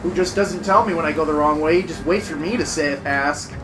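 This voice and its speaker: A man's voice: a little high, a little fast, noisy background. A man streaming a video game with a friend, joking and going on mock rants. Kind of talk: casual gaming commentary.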